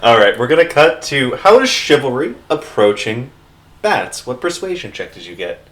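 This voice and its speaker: A man's voice: mid-range voice, very animated, normal speed, fairly bright tone. A man running a tabletop game as game master, laid-back and hesitant, with many fillers.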